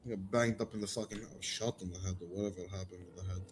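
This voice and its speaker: A man in an in-character roleplay argument, frustrated and halting, with heavy swearing. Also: low voice, fairly even intonation, a little hiss or hum.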